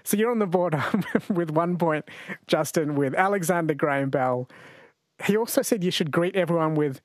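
A man's voice: a little high, moderate pace, no echo. A man hosting a radio quiz show in a chatty, jokey way. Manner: chatty, jokey, laughs easily. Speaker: radio host. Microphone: studio microphone.

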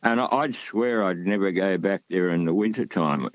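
A man's voice: low voice, moderate pace, no echo, dull audio. A man from Australia calling in to a radio show, talking in a rambling, hesitant way with many fillers. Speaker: caller. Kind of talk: radio call-in chat.

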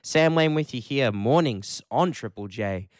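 A man's voice: medium pitch, lively intonation, measured pace, dry recording, clean studio sound. A man with an Australian accent hosting a morning radio show, chatting casually and laughing often through his stories. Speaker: radio host.

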